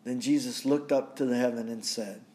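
A man's voice: mid-range voice, steady tone, moderate pace, dark tone. A man preaching a sermon, reading scripture aloud and reflecting on it with repeated rhetorical questions.

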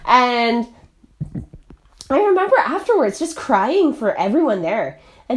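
A woman's voice: high-pitched, sing-song, slow, pauses often. A young adult woman talking casually about her own life, chatty and full of fillers, often checking in with "right?". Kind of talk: casual personal monologue.

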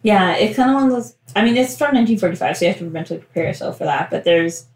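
A woman's voice: mid-range voice, expressive, rapid-fire, a little mellow. A young woman co-host with a mid-range voice, talking enthusiastically and rambling a little. Her voice sounds roomy and echoey. The chat is casual and loose. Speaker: podcast co-host. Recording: roomy echo.

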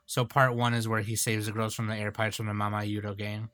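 Animated man on a dry podcast mic. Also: on the low side, fast talker, no room sound. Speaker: podcast host. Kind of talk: casual podcast chat about films.

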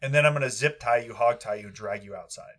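A man's voice: medium pitch, fast, fairly bright tone. A young man on a podcast giving an angry, profanity-heavy rant with aggressive, heated delivery. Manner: heated, aggressive, swears constantly.

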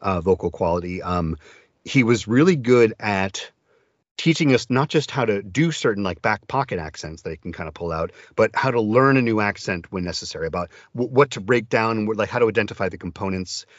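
A man's voice: on the low side, lively intonation, brisk, dry recording, lo-fi sound. A man who narrates audiobooks, talking in an interview with enthusiasm and many restarts. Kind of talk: casual interview talk.

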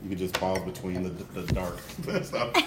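A man's voice: low voice, normal speed, background noise. Laughing man hosting in an echoey room. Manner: loose, laughing, rambling with many fillers. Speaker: podcast host. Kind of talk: casual chat.

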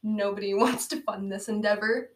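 A woman co-hosting a casual podcast, retelling a bad movie with frequent laughter and animated acted-out quotes. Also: normal speed, slight background noise. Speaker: podcast co-host. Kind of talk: casual movie-roast chat. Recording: low-quality amateur audio.

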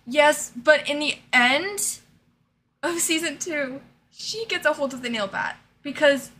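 Bright-voiced young woman, animated. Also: high-pitched, takes it slowly, a little hiss or hum. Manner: animated retelling, acting out scenes. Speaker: podcast co-host. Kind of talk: casual chat.

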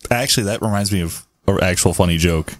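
A man co-hosting a casual movie podcast, retelling scenes in a quick, excitable way. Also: low-pitched, no room sound, clean studio sound. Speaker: podcast co-host.

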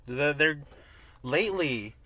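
A man's voice: a little high, expressive, sharp tone. A man hosting a casual podcast from a car, easygoing and laughing often, getting eager when he talks about things he likes. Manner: easygoing, quick laugher, enthusiastic about cars. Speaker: podcast host. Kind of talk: casual chat. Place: inside a car.

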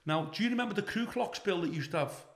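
A man's voice: sits high, lively intonation, fast, roomy sound. An older man with a Liverpool accent, a comedian telling brash, profane stories in a casual interview. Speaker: comedian, guest.

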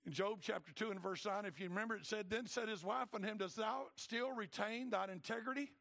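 A man, preaching a sermon emphatically and acting out voices, swinging between loud and hushed. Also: sits high, fairly quick, vocal fry. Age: 60s. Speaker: pastor.

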